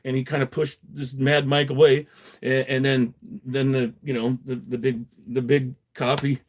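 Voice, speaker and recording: A middle-aged man spinning a long personal story on a livestream, swearing freely and rambling through restarts. His voice sits at an ordinary pitch, and he keeps a loose, conversational delivery. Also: fairly quick. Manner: profane, rambling, chuckling. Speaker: livestream host. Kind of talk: casual storytelling.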